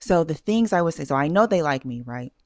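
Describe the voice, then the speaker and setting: A woman vlogger speaks fairly quickly in a low voice with lively intonation, recorded without echo in clean studio sound. Her casual talking-head dating advice comes across as confident and emphatic, full of fillers and false starts.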